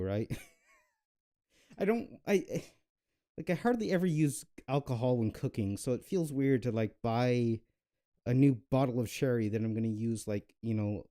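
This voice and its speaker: A man's voice: mid-range voice, warm tone. A young man hosting a cooking video, chatting casually and rambling with lots of fillers and self-mocking jokes. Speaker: cooking channel host. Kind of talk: casual cooking vlog chat.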